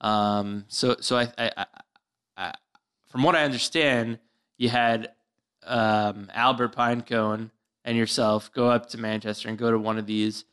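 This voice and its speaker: A man co-hosting a comedy podcast in casual chat, halting and full of restarts. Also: on the low side, fairly even intonation, a bit bright, clear, resonant tone. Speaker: podcast co-host.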